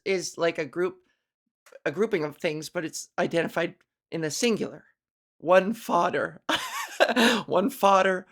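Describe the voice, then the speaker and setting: A woman hosting a casual solo podcast, rambling and self-mocking, laughing at her own jokes while working on a softer voice. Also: medium pitch. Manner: practicing a softer voice with resonance and inflection. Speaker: podcast host. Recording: fan blowing near the microphone.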